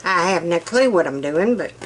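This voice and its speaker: A woman's voice: fairly low pitch, lively intonation, normal speed. Breathless Southern woman chatting at home. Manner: chatty, folksy, rambling. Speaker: vlogger. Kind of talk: casual chat while cooking. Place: home kitchen. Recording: noisy room with fan running.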